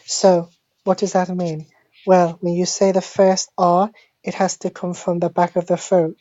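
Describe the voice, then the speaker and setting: Woman doing a fake language lesson, low mellow voice, dull lo-fi phone recording. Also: flat delivery, no echo. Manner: slow, deliberate, repeats words like a teacher. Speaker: mock French teacher. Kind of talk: deadpan parody language lesson.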